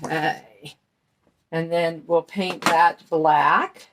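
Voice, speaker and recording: Slow, low-voiced woman crafting. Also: fairly even intonation, noisy background. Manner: chatty, folksy, talks while working. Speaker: crafting channel host. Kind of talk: casual craft tutorial talk.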